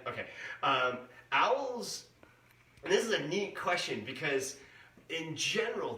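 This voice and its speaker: A man's voice: mid-range voice, sharp tone. A middle-aged man, a museum educator, giving a playful live talk for kids and imitating owl calls. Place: indoors, museum room. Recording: roomy sound, mic at a distance.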